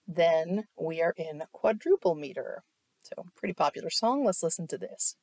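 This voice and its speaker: A woman's voice: on the low side, lively intonation, moderate pace, darkish tone, no echo. A woman teaching an online music theory lesson, explaining step by step and often checking in with "right?". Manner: explanatory, asks "right?" often, claps to demonstrate.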